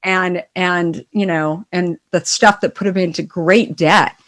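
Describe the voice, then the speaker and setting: Animated woman telling a story. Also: lowish voice, measured pace. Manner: animated, acts out quoted voices in stories. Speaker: founder and CEO guest. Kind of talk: casual storytelling interview.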